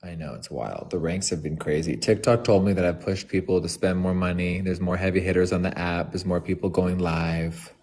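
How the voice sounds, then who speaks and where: Deep-voiced man, blunt and joking. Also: fairly even intonation, fairly quick, few pauses, a little mellow, slight background noise. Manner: blunt, joking, swears casually. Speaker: livestream guest. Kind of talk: casual livestream chat.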